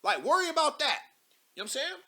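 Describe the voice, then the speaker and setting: A young man hosting a live show, giving loud, mocking commentary as he reads posts aloud, laughing and repeating himself. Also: very high-pitched, sing-song, fast.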